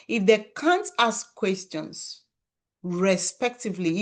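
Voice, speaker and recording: A woman giving an emphatic motivational talk to parents, repeating key phrases for stress. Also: medium pitch. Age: adult parent of children. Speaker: parenting speaker.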